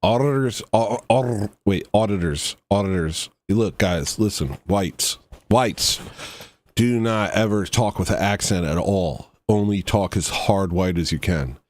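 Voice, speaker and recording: A man's voice: fairly low pitch, unhurried, darkish tone. A man hosting a livestream, reacting to a video with rambling, mock-serious satirical commentary that trails off into asides.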